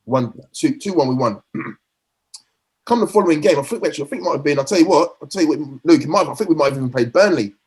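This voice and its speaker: A man's voice: fairly high pitch, expressive, quick pace, a little mellow. A middle-aged man, a former footballer telling rambling anecdotes in a podcast interview, often restarting and acting out quotes.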